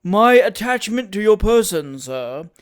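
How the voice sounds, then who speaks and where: A reader voicing a plump older gentleman, quick to take offence, who speaks in a declaiming way in an audiobook. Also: mid-range voice, sing-song, voice pushed up. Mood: indignant. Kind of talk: audiobook character reading.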